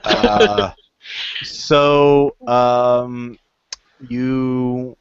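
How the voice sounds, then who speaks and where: A man running a tabletop horror game as game master, talking in a relaxed, halting way. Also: mid-range voice, vocal fry, smooth, dry recording, muffled recording. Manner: relaxed, halting, many fillers.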